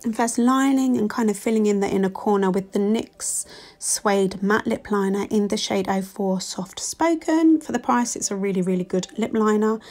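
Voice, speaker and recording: With faint music underneath, a beauty vlogger talks through a makeup tutorial in voice-over at a moderate pace. She's in her forties, English with a London accent, and her medium-pitched voice has a darkish tone. She comes across as chatty and gushing, with self-deprecating humor.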